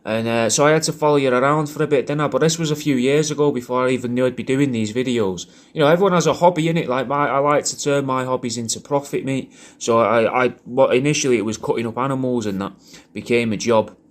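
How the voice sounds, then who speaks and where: A man rambles through a casual video message, swearing freely and restarting his sentences. His voice sits at a middling pitch. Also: fast talker. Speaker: comedian recording a personalised video message.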